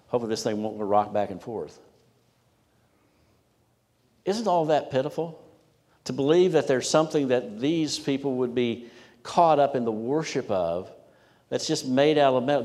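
A man preaching a sermon emphatically, rising in pitch and volume when reading scripture and dropping low for asides. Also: darkish tone. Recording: long hall reverb.

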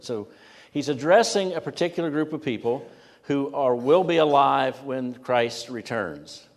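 A middle-aged male pastor giving an expository sermon, stressing key words and pausing between phrases. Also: medium pitch, expressive. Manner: expository preaching with rising emphasis and pauses. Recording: long hall reverb.

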